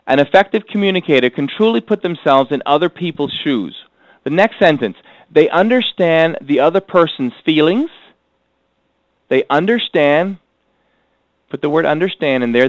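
A man teaching a workbook course. He repeats key phrases slowly so listeners can fill in blanks, and he speaks in an earnest, motivational way. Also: a little high, no echo, rough recording. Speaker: course instructor.

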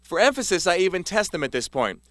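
Guy reading his self-help book, bright clear voice, pretty dry sound. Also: high voice, sing-song, fast, no room sound. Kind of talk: scripted narration.

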